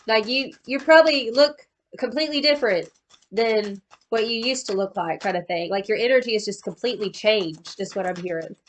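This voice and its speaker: A woman's voice: a little high, a little fast, a little hiss or hum. A woman giving a casual tarot card reading in a slangy, profane, chatty way, calling the listener boo-boo. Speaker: tarot reader.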